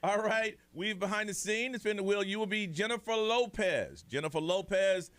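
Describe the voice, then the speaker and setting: High, bright-voiced male radio host. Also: moderate pace. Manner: energetic, laughing, game-show pacing. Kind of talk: morning radio show banter. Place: radio studio.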